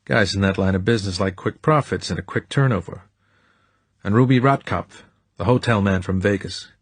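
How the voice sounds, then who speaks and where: A man's voice: fairly low pitch, moderate pace, no room sound, lightly acted. A man voicing a touchy, menacing male hitman with a curt, threatening manner. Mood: briefing.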